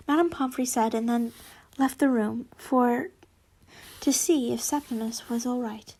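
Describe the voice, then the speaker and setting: A woman's voice: on the high side, steady tone, measured pace, a little mellow. Giggly young woman reading fan fiction. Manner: giggly, stumbles and corrects herself. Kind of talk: casual fan-fiction read-aloud.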